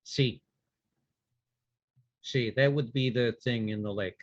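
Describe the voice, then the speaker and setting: A composed male vampire who gently presses a lost spirit for answers, as a man plays him. He asks his questions patiently and adds dry jokes. The sound is dull and dry, with a husky edge. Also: medium pitch, slow, no echo. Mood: probing. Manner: patient, probing, dry wit.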